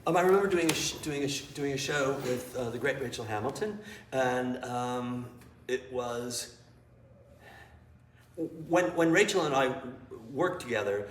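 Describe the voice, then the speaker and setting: A man at medium pitch speaks unhurriedly, far from the mic, with slight background noise, echo, and faint ambience. As an improv teacher and interview guest, he tells candid stories to a live audience in a small theater. He's blunt, swears freely, and animatedly acts out the scenes he describes.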